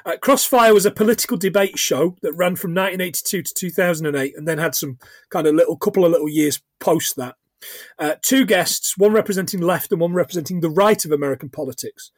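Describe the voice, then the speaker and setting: Man, 40s, podcast co-host: high, bouncy voice, jokey recaps, close and dry. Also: fast talker, dry recording. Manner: animated, laughs often, recaps plot with jokey asides. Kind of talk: casual film podcast chat.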